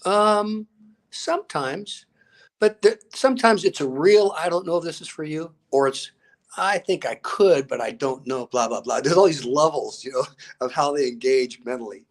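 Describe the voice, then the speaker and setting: An older man who is both a grandfather and a fitness coach tells stories as a guest in an interview, with energy, playing out both sides of each conversation. His voice sits on the high side, with lively intonation at a normal speed.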